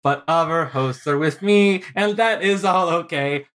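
A man's voice: a little high, unhurried, fairly bright tone. Chatty male podcast host. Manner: playful, chatty, laughs often. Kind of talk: casual podcast chat.

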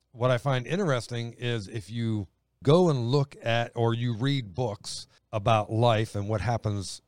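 A man's voice: mid-range voice, darkish tone, no room sound, studio quality. A man hosting a podcast, talking in a plain-spoken, opinionated, conversational way. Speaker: podcast host. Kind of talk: casual podcast chat.

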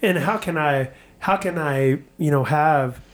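Man, church podcast host, reflective, halting, slightly raised pitch. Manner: reflective, halting, many restarts. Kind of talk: casual chat.

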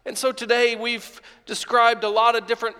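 Pastor, male, 30s, high voice, emotional sermon storytelling with restarts, long church reverb. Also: little pitch movement, normal speed, pushed and bright, clear, resonant tone. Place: church sanctuary.

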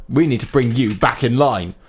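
A man's voice: mid-range voice, slight background noise. A man co-hosting a comedy podcast, trading dry, teasing one-liners. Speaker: podcast co-host.

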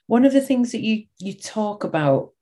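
A woman's voice: a little high, animated, moderate pace, mellow. A woman interviewing a guest in a chatty, conversational way. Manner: chatty, asks tag questions.

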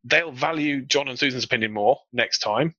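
Brief: man, panel guest, slight frog in throat, bright forceful tone, dry dull lo-fi sound. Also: medium pitch, moderate pace, no echo. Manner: animated, acts out quoted colleagues. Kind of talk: casual panel discussion.

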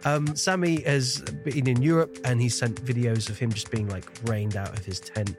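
A man's voice: medium pitch, fairly even intonation, moderate pace, music in the background. A man from the Shetland Islands with a mostly neutral British accent, hosting a podcast in casual, self-deprecating chat and laughing often. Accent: neutral British with faint traces. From Shetland Islands, Scotland. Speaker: podcast host.

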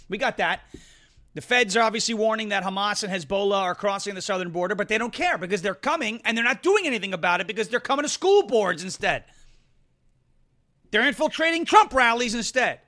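A man's voice: sits high, expressive, brisk, pushed and bright. A man hosting an opinionated political commentary show, combative and sarcastic, repeating phrases for emphasis.

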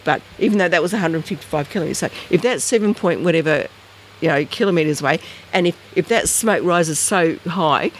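An Australian researcher telling a story in casual, rambling talk, acting out conversations with big jumps in pitch. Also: a little fast, hardly any pauses, a little hiss or hum. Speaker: interviewee, researcher.

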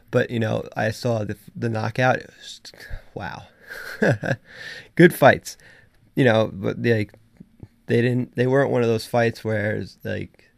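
A man's voice: medium pitch, creaky, dry recording. A young man casually recapping a fight night, rambling with many fillers and restarts. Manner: rambling, filler-heavy, frequent laughs and restarts.

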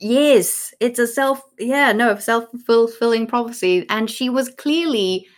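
On a podcast she co-hosts, a woman with a fairly high voice rambles casually about a play, speaking a little slowly. She uses lots of fillers and slips into jokey character voices.

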